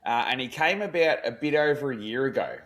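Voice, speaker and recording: A man's voice: mid-range voice, expressive, brisk, fairly bright tone. An Australian man spins a long yarn on a podcast, full of slang and swearing. He acts out what each person in the story said. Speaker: podcast co-host. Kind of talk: casual storytelling chat.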